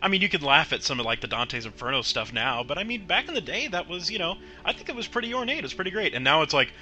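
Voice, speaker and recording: Comic podcast co-host, male, sharp bright tone, sardonic, rambling. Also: a little high, sing-song, quick pace, few pauses. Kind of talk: comedic podcast chat.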